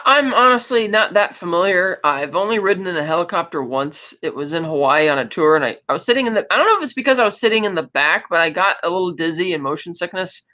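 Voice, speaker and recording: A woman's voice: lowish voice, bright, forceful tone, muffled recording. A woman co-hosting a podcast, casually retelling film scenes and acting out the characters' lines. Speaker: podcast co-host. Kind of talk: casual movie recap chat.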